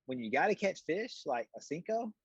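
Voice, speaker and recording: A man's voice: on the high side, sing-song, normal speed, breathy edge, dry recording. Young man guest, rambling casual talk, dull slightly muffled audio, dry sound. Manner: rambling, many "like" and "you know" fillers, joking. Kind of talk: casual chat.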